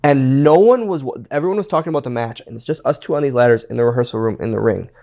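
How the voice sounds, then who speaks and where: Gravelly-voiced man telling wrestling stories. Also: medium pitch, animated, quick pace, dull audio. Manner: rambling, repeats words, quotes others in his stories. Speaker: interview guest, former pro wrestler. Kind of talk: casual storytelling interview.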